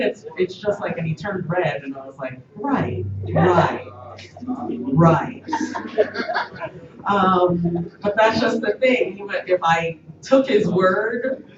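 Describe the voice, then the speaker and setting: A woman who works as a radio host, telling stories in a casual, animated way with lots of quoted dialogue. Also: on the low side. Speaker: radio host, guest on a show. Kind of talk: casual storytelling interview. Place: room at a live-streamed event. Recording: echoey, distant, dull live stream with room noise.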